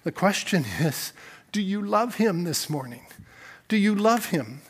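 High-voiced male pastor preaching. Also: animated, a little slow, husky. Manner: swings between quiet reflection and emphatic preaching; repeats and restates phrases for emphasis. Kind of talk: sermon.

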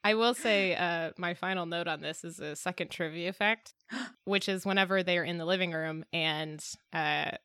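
A woman's voice: lowish voice, moderate pace, sharp tone, smooth, dry recording, clean studio sound. A woman co-hosting a podcast, chatting casually with many fillers about a TV episode. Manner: chatty, filler-heavy reflection. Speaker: podcast co-host. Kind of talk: casual chat.

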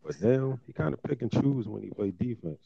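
A man in a casual sports debate who speaks in a relaxed, low-key way with many fillers. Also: brisk, creaky, slightly rough, no room sound, muffled recording. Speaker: panelist.

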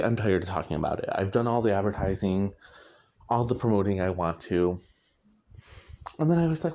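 Man, author, casual rambling chat, self-correcting, chuckles, low warm voice, muffled lo-fi sound. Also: big pitch swings, fairly quick, pauses often, a little hiss or hum. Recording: muffled lo-fi recording.

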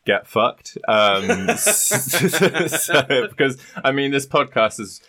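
A man's voice: mid-range voice, sing-song, slow pace, bright, forceful tone. A young man co-hosting a podcast, chatting casually with crude jokes and frequent laughs. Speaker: podcast co-host. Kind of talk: casual chat.

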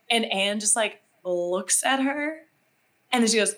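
Bright, chatty young woman. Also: mid-range voice, moderate pace. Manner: chatty, animated, lots of fillers. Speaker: podcast co-host. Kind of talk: casual chat recapping a TV episode.

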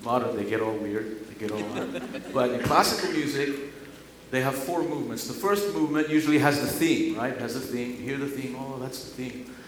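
A man preaching a sermon to a congregation, swinging between loud, emphatic scripture reading and quiet, chatty asides. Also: medium pitch, fairly quick, slight background noise. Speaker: pastor. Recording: echoey room with faint ambience.

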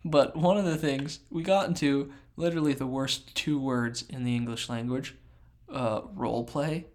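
A man chatting casually on a podcast as he tells a long story. He is animated and often acts out what others said in their own voices. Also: mid-range voice, moderate pace. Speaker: podcast co-host.

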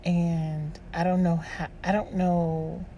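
Podcast host, woman, lowish voice, exhausted, halting monologue diary. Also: gravelly, mellow, slight background noise. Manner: weary, halting, restarts and trailing off.

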